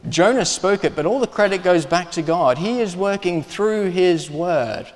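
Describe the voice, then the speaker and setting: Earnest preacher in a reverberant church. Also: male voice, sits high. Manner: earnest, emphatic preaching with pauses and restarts. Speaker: pastor. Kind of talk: sermon.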